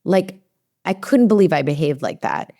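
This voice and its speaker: A woman's voice: lowish voice, lively intonation, normal speed, mellow. A woman in her forties, a developmental psychologist, chatting in a podcast interview and acting out her own inner dialogue with many fillers.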